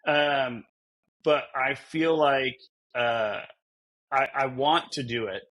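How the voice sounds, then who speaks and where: Speaking slowly at a medium pitch, this podcast co-host has a fairly bright tone. The talk is loose, meandering chat, full of self-deprecating jokes and frequent laughter.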